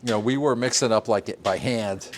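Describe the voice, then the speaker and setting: A man's voice: on the low side, normal speed, slight background noise. An older man from Vermont giving a casual greenhouse tour, rambling with fillers and frequent chuckles. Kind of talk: casual walking-tour interview.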